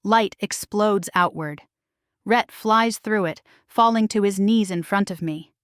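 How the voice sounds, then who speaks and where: A woman's voice: mid-range voice, measured pace, no room sound, clean studio sound. A woman narrating a first-person romance audiobook in a dramatic, intimate storytelling manner.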